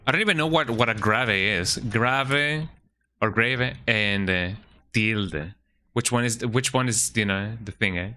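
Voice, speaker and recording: Fairly low in pitch with a sharp tone, the man's voice has lively intonation at a normal speed. He's chatting casually on a game live stream, muttering setup instructions aloud and adding "eh?" to many lines.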